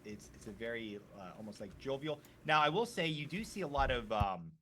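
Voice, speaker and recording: A man running a tabletop game, narrating scenes in a loose, easygoing way with plenty of "like" and "uh." His voice is bright and forward, sitting at a middle pitch. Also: brisk, slight background noise. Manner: relaxed, with lots of fillers. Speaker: game master.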